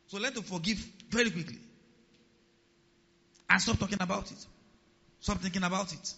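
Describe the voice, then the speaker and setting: Pastor preaching in an echoing hall. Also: male voice, high-pitched, normal speed, gravelly. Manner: animated preaching, rising and dropping in loudness, asks the congregation questions. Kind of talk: sermon. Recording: reverberant hall, dull sound.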